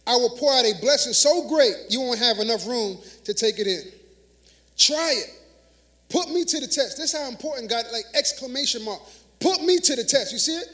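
High-voiced emphatic male preacher. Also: animated, normal speed, fairly bright tone. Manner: emphatic, call-and-response preaching. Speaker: minister. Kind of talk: sermon. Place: church.

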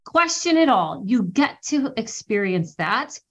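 A woman author speaking as a guest in an earnest, motivational way, sometimes acting out her own inner worries. Her voice sits slightly high. The audio sounds dull and lo-fi, like a remote call. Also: sing-song, a little slow. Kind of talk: interview conversation.

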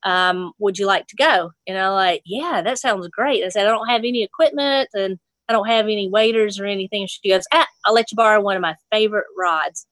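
A woman's voice: medium pitch, a little fast, few pauses, fairly bright tone, no room sound. Lady from nashville, chatty storyteller, laughs a lot, very dry close sound. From Nashville, Tennessee. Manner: chatty, laughs often, acts out quoted voices. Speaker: fly fishing instructor and guest. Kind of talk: casual storytelling.

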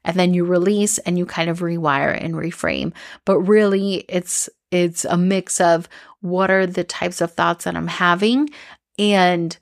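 A woman's voice: lowish voice, steady tone, measured pace, creaky, dry recording, clean studio sound. A young woman hosting a podcast, telling a personal story in a candid, rambling way with lots of "like" and restarts. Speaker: podcast host.

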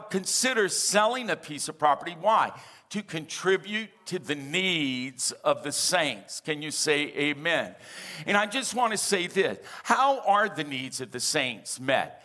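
A man preaching from the pulpit in a bright, forceful voice that sits a little high. He keeps a lively call-and-response going, asking the congregation for amens. He slips humorous asides into the sermon. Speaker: pastor.

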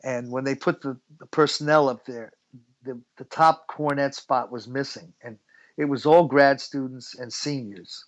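A man's voice: medium pitch, steady tone, measured pace, highs cut off. A middle-aged man from the United States telling stories as an interview guest, chatty and laughing often. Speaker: guest musician. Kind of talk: relaxed storytelling interview.

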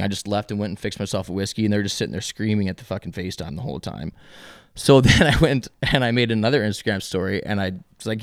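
A man's voice: fairly low pitch, expressive, fast, clean tone, dry recording, clean studio sound. A young adult man from Alberta, Canada, a podcast guest telling a profane, ranting story in casual talk. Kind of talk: casual storytelling with heavy swearing.

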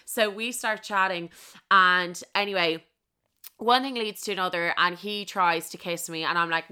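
A woman's voice: mid-range voice, moderate pace, sharp tone, clean tone. A young Irish woman tells a funny personal story with lots of swearing and dramatic emphasis. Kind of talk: comedic storytelling.

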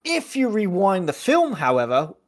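Male podcast co-host, rambling and animated, a shade higher-pitched than most men. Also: normal speed, dry recording, studio quality. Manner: animated, rambling, acts out scenes. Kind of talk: casual film-review chat.

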